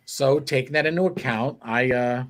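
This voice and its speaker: A guest sculptor on a talk show chats casually in a medium-pitched, fairly bright voice at normal speed. He rambles through his stories and keeps correcting himself.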